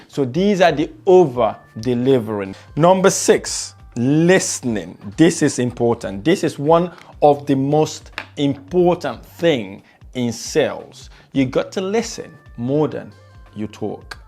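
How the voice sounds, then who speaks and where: A man coaching on sales, speeding up and slowing right down as he demonstrates his tone. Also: fairly high pitch, darkish tone. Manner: varies pace and tone widely to demonstrate. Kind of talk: motivational teaching video.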